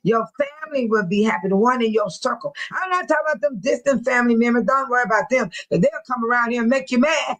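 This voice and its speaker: An older woman in her sixties, chatting casually with her viewers as a stream host. Her voice sits a little on the high side, and she talks bluntly and tells stories, often breaking into laughter. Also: fast, hardly any pauses, a bit bright, poor audio. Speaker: livestream host speaking to viewers. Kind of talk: casual chat.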